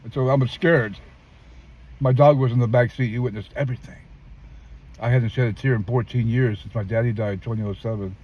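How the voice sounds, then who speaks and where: Talking a little fast with fairly even intonation, an older man from California gives emphatic testimony in a street interview. He mimics the people he quotes, pitch often jumping high, and faint traffic runs beneath the dull lo-fi audio.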